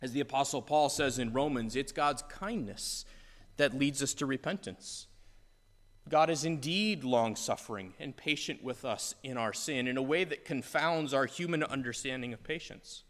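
A man's voice: mid-range voice, moderate pace, fairly bright tone. A man preaching an expository sermon with passion, building to exasperated outbursts. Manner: impassioned, rising to exasperated outbursts. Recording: long hall reverb.

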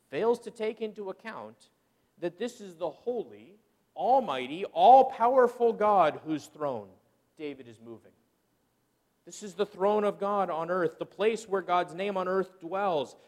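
A middle-aged man preaching a sermon as pastor, animated and acting out people's excuses in quoted voices. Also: sits high, big-room sound.

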